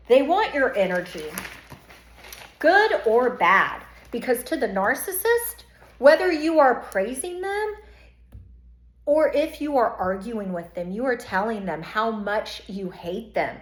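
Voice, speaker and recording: Brief: high-pitched woman coach, emphatic direct-to-camera talk, roomy echo. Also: big pitch swings, a little slow, a bit bright. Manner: emphatic, acts out quoted voices; repeats phrases for emphasis. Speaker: self-esteem coach. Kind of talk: casual direct-to-camera monologue.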